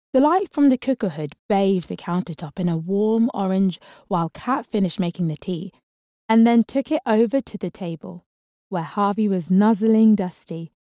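A woman narrating a story in a calm, steady reading voice. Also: on the low side, moderate pace, no room sound, clean studio sound.

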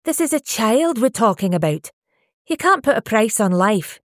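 Lady reading as a weepy desperate wife in her late 30s, voice way up high, dry close sound. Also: big pitch swings, normal speed, no echo. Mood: stubborn anguish. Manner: pleading, tearful, rising to shouts. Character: distraught woman of 37 desperate for a baby. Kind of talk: audiobook character voice.

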